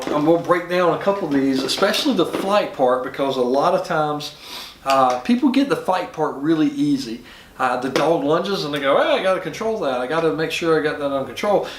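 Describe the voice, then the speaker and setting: Echoey-room male dog trainer, talking casually. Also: medium pitch. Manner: conversational, with many restarts, acts out dog and owner voices. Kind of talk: casual instructional talk.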